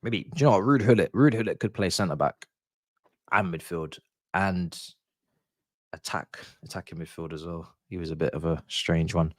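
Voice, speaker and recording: A man's voice: low voice, normal speed, no echo, studio quality. A man streaming a live watch-along, chatty and slangy, with casual commentary on the match. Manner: chatty, slangy, groans and repeats "no" when annoyed.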